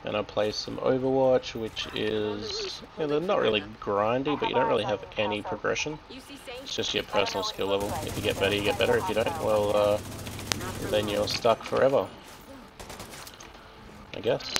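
A man's voice: on the low side, normal speed, vocal fry, crowd noise, rough recording. A man with an Australian accent chatting casually and joking while he plays and comments on a shooter game. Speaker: streamer. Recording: game gunfire and explosions loud behind voice.

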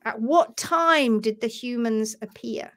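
A woman's voice: a little high, slow, fairly bright tone. An English woman hosting a live stream, talking in a passionate, emphatic way. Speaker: host.

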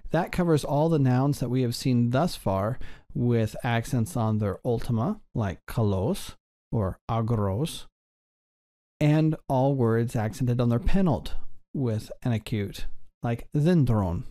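A man with a mellow, darker voice at an ordinary middle pitch, teaching a recorded grammar lesson. He explains patiently and slows right down whenever he sounds out a form. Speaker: Greek teacher.

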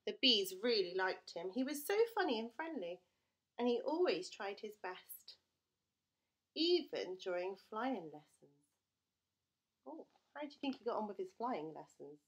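A woman teacher reading a children's storybook aloud to her class, with expressive, playful storytelling. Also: medium pitch, measured pace.

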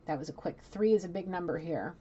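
Mellow, blunt woman giving a casual reading. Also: on the low side, fast talker, husky, highs cut off. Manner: rambling, blunt, chatty, swears. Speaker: psychic tarot reader.

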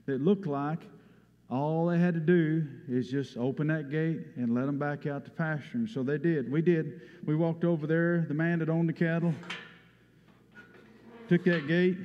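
A man preaching a sermon, telling a story in a folksy way. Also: fairly high pitch. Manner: folksy storytelling, Southern turns of phrase. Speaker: pastor. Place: church sanctuary. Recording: dull sound with long hall reverb.

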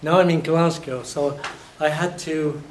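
A man from England giving a university lecture, telling lively stories and acting out his examples, his voice a little hoarse. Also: a little high, a little slow. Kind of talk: classroom lecture. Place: lecture hall. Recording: echoey hall, distant mic, faint noise.

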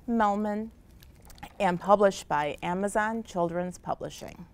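Woman, children's librarian, picture book read-aloud, expressive, unhurried, lively intonation. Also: fairly low pitch. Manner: expressive storytelling, voices rising and falling.

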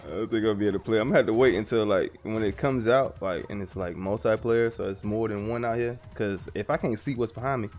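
A lowish, slightly mellow male voice talks at a quick pace with hardly any pauses while game music plays in the background. The gaming streamer is jumpy and easily startled, swearing and laughing when spooked, and chats in casual slang, calling his viewers bro and y'all.

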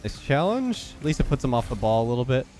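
A young man talks fast through his own match, calling plays with quick, focused commentary. His voice is stuffed up and nasal from a cold, and faint game music plays underneath. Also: mid-range voice, very animated, a little mellow. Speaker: gaming YouTuber. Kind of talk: live gameplay commentary.

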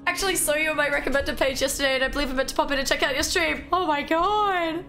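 A young Australian woman streaming a game live, excitable and quick to swear and laugh as she chats with her viewers. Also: high-pitched, faint music behind. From Melbourne, Australia. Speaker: livestreamer. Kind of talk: casual live game commentary.

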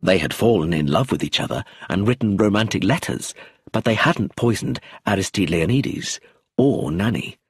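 A man narrating an audiobook in first person, plain and clear. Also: deep voice, lively intonation, moderate pace, dry recording, clean studio sound.

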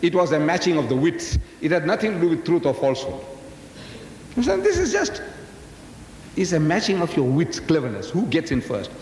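In a sing-song, slightly mellow voice at normal speed, a man in his 70s lectures publicly, weaving a story full of emphatic rhetorical questions. The big hall makes the recording echoey, and a faint rumble sits underneath.

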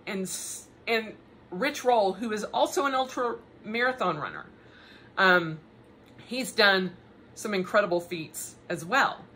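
A middle-aged woman telling a story in a chatty, animated way, with laughing asides. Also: medium pitch, husky. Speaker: podcast host. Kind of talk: casual personal monologue.

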